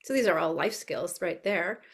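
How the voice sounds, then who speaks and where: A woman's voice: lowish voice, lively intonation, normal speed, vocal fry, breathy edge. A middle-aged woman dance educator explaining her teaching with enthusiasm in an interview. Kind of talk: interview answers.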